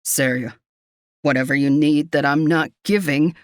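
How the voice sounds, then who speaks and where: Woman doing a gruff young warrior man. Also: low-pitched, a little slow, no room sound, studio quality, voice pushed down. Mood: anguished. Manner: gruff and vowing.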